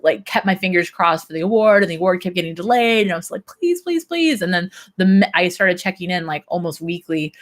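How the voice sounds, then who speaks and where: A woman's voice: fairly low pitch, fairly even intonation, fast, few pauses. A young woman and systems engineer chatting casually on her livestream, laughing often.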